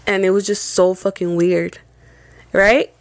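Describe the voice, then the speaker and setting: A young woman from Mexico, a podcast co-host, telling a paranormal story in casual chat, animated and swearing often, with Spanish phrases mixed in. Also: mid-range voice, unhurried, no room sound.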